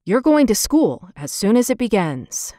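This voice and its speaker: A woman's voice: medium pitch, sing-song, a little slow, mellow, no echo, clean studio sound. A woman reading an earnest, protective older boy. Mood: determined. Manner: earnest, timid but determined.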